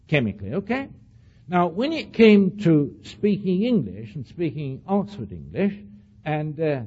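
Older man telling a lively story. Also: fairly high pitch, breathy edge, muffled recording. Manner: animated storytelling with asides to the audience; says he speaks with an accent. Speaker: speaker addressing an audience. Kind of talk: anecdotal lecture.

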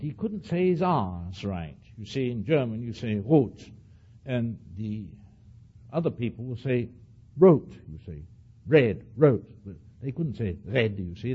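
Older man, accented, husky voice, lively swooping pitch, storytelling lecture, dull lo-fi recording. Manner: animated storytelling with asides to the audience; says he speaks with an accent. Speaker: speaker addressing an audience. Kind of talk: anecdotal lecture.

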